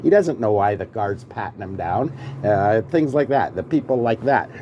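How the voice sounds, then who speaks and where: A man's voice: on the low side, expressive, normal speed, mellow, a little hiss or hum. A man hosting a vlog, chatting casually at a coffee shop, opinionated, swearing freely and often asking "right?". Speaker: vlog host. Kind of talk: casual chat.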